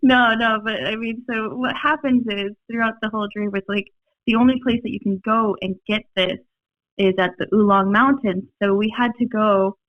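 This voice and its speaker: A young woman with a Minnesota accent, a podcast guest telling stories in a rambling, animated way, full of fillers and laughs. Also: medium pitch, moderate pace. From Minnesota, USA. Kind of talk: casual storytelling chat. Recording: dry, slightly dull podcast audio.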